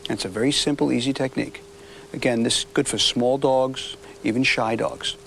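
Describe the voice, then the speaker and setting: A man's voice: medium pitch, steady tone, fairly quick, creaky, a bit bright. Firm man coaching a dog handler. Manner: firm, coaching, short commands. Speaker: dog trainer. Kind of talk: hands-on training demonstration. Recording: distant mic with faint outdoor noise.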